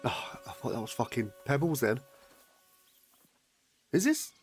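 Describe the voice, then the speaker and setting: A man streaming a video game live, commenting in a playful, excitable way and swearing freely. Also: mid-range voice, unhurried, music in the background.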